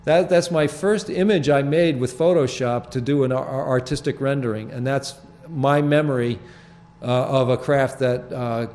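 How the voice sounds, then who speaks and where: An older man hosting a small public-access TV show, explaining his photographs in halting, rambling, earnest talk from the studio. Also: mid-range voice, darkish tone, a little hiss or hum. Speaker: show host presenting his sky photographs.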